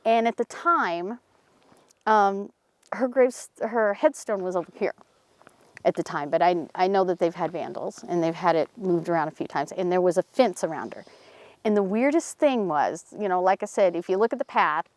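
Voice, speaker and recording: A woman's voice: moderate pace, no echo. A woman outdoors in a cemetery, telling a story casually and acting out the voices of the people in it. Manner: animated, acts out quoted voices in a higher pitch. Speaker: paranormal team member telling a local story.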